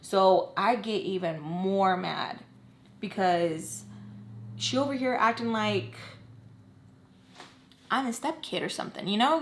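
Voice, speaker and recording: A young woman in her twenties telling an emotional story from her own life, animated and emphatic, often stressing points with "okay?". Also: medium pitch, unhurried. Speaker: storytime vlogger. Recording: roomy echo.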